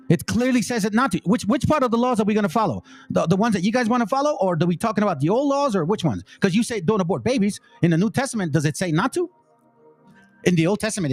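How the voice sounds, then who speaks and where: A man's voice: sits high, husky. A man hosting his own channel, blunt and profane, preaching and ranting over the clips he plays. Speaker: channel host. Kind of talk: casual ranting commentary.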